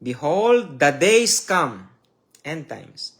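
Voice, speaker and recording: A man preaching a sermon slowly and emotionally, reading scripture loudly and then dropping to soft asides. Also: fairly high pitch, expressive. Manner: slow, emotional preaching with swells and drops in loudness. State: tearful.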